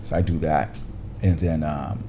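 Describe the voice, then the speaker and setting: A man, a podcast guest who works as an actor and director, telling a lively anecdote and acting out other people's lines. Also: measured pace, slight background noise. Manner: lively, acts out other people's lines with big pitch jumps. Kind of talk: animated storytelling anecdote.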